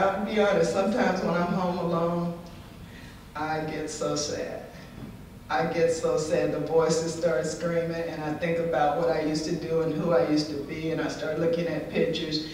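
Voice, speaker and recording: A woman's voice: sits low, a little hiss or hum. Middle-aged woman, candid and funny conference storyteller; distant mic, big reverberant room. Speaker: conference speaker. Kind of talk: inspirational personal story talk. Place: large conference hall. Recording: echoey hall, distant mic.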